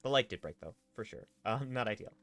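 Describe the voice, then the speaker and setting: A man's voice: mid-range voice, animated, fairly quick, fairly bright tone. A man streaming a game live, chatting casually, reading viewer messages aloud and slipping in and out of a playful role-play. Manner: playful, rambling, reads chat messages aloud.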